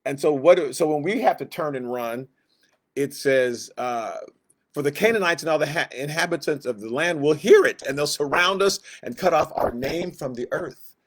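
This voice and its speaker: A man teaching a Sunday school Bible lesson in a conversational, animated way, acting out the quotes he reads. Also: fairly high pitch, moderate pace.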